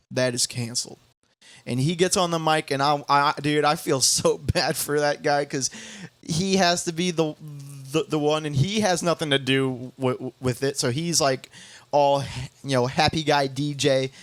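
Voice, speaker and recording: Animated young man, halting retelling. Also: a little high, dry recording. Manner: animated, halting with many restarts, quoting others in bouncy voices. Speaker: podcast host. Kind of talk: casual storytelling chat.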